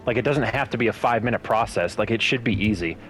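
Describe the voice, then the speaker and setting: Low-voiced man ranting profanely about football. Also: fast, fairly bright tone, faint music behind, poor audio. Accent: Cleveland, Ohio. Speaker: podcast co-host. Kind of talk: casual sports rant.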